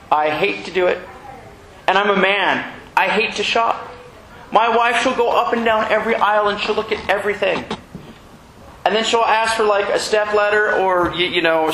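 Man preaching a sermon, chatty with jokes and asides, bright edgy tone, echoey hall with faint noise. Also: sits high. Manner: conversational preaching with jokes, asides and acted quotes. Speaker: rabbi of a Messianic congregation.

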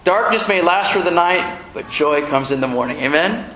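With lively intonation and a moderate pace, a man whose voice is on the high side, pushed and bright, preaches as the rabbi of a Messianic congregation. His sermon is conversational, peppered with jokes, asides and acted quotes of little exchanges with listeners. The recording has an echoey room with faint noise.

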